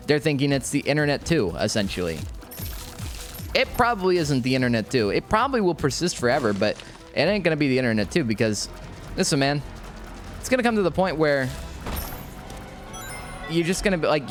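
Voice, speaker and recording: A young man talks over his gameplay in a loose, slangy ramble, tripping over restarts as his thoughts run ahead of him. His voice sits at an ordinary middle pitch. Quiet game music plays under his talk. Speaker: gaming YouTuber.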